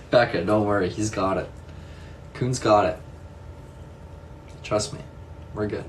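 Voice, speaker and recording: A man's voice: on the low side, measured pace, long pauses, a little hiss or hum. A young man chatting casually with viewers, answering their comments one by one, echoing his own answers and laughing often. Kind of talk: casual live chat.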